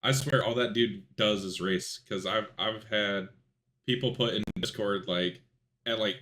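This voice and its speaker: Bright-voiced man telling rambling stories. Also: lowish voice, a little slow. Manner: rambling, animated storytelling. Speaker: podcast host. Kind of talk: casual chat about sim racing.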